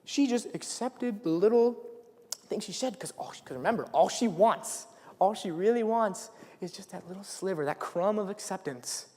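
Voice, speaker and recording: A man's voice: high voice, animated, moderate pace, a little mellow. A teenage male student giving an earnest, conversational sermon that retells a Bible story, live at his school. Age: late teens. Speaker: student speaker. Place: school chapel or hall, live. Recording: long hall reverb.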